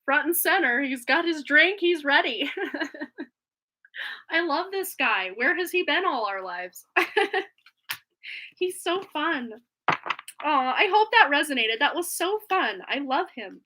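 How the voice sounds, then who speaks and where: Woman, thirties, tarot reader, live stream, effusive, giggly, bright tone, high pitch. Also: expressive, takes it slowly, pauses often, low-quality recording. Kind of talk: live stream chat and readings.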